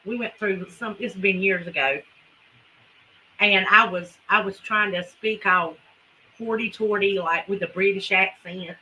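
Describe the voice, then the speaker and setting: Very bright-voiced Southern woman chatting. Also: medium pitch, measured pace, a little hiss or hum, rough recording. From Carolinas, US. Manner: folksy and chatty, addresses viewers as y'all. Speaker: homesteading livestream host. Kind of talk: casual livestream chat with viewers.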